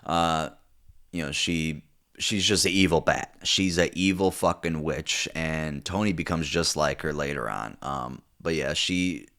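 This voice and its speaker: Deep-voiced rambling profane young man. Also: unhurried, pushed and bright. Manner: rambling, profane, many fillers and restarts. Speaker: TV show reviewer. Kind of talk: casual unscripted commentary.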